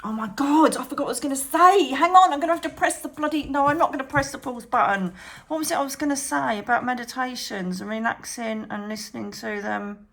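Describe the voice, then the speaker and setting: A woman chatting to camera about meditation as a psychic medium and channel host, animated, calling viewers darling and trailing off mid-thought. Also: sits high, fairly quick, creaky. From England. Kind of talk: chatty advice vlog to camera.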